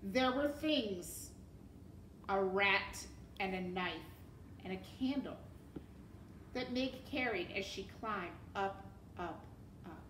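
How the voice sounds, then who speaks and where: A woman teacher reading a novel aloud expressively to her class and pausing to ask them questions. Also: mid-range voice, animated, fairly bright tone, reverberant, recorded from a distance, slight background noise.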